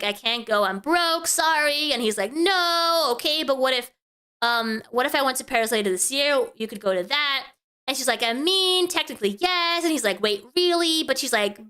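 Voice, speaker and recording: A woman VTuber commentator reading messages aloud and reacting to them, rattling off the quoted lines quickly and breaking off with exasperated exclamations. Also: high-pitched, pushed and bright, clear, resonant tone.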